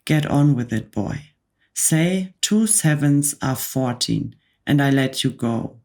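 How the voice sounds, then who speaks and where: A woman in a soft whispered role-play voicing a huge, furious female headmistress who barks scornful orders at children. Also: very deep voice, expressive, slow pace, exaggerated voice. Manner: barking, scornful.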